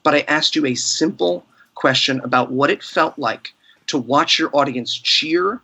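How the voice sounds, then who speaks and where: Male podcast host in a heated debate, impassioned, bright and slightly husky. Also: a little high, a little slow. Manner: impassioned, emotional, indignant.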